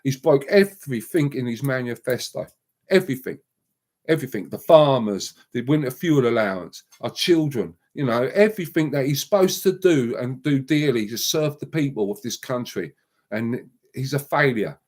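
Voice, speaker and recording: A man's voice: mid-range voice, expressive, normal speed, darkish tone. A man hosting a live stream and ranting heatedly, with repeated emphatic outbursts and words said over and over. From England.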